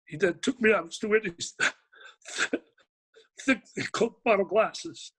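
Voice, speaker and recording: An older man and sportscaster, a guest telling a personal story in an interview, animated and often repeating himself as he goes. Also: high voice, slow pace, slightly rough, low-quality recording. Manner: animated, repeats and restarts phrases.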